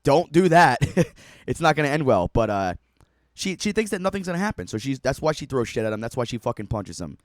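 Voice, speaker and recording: A man's voice: mid-range voice, very animated, brisk, dry recording, studio quality. A man streaming a reaction to a video, giving profane, mocking running commentary and laughing often.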